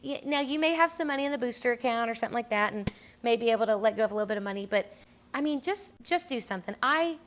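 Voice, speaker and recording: A woman's voice: fairly high pitch, expressive, rapid-fire, a bit bright. A young woman, a music teacher giving a casual conference talk, chatty, laughing often and acting out quotes. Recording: dull, lo-fi room recording.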